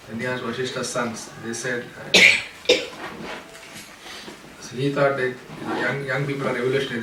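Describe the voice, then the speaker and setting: A man teaching a scripture class, telling a story in an animated way and acting out the characters' lines with laughter. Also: medium pitch. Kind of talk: storytelling lecture. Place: temple class room. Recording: roomy hall, mic at a distance, background noise.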